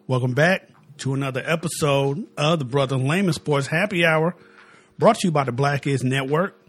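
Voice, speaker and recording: A man's voice: a little high, moderate pace, fairly bright tone. A man co-hosting a casual sports talk podcast, with a slight lisp and a laid-back, slangy way of talking. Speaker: podcast co-host.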